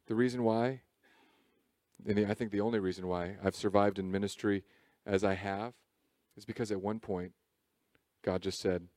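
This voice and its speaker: A man preaching a sermon as pastor, in a lively, conversational way with jokes. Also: on the low side, moderate pace, long pauses, no room sound, studio quality. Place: church service.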